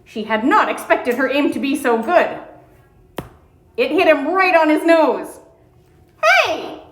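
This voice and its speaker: A woman reading a children's storybook aloud in a gentle, expressive storytelling manner. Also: high voice, unhurried, reverberant, poor audio. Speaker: audiobook reader. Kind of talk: storybook read-aloud narration.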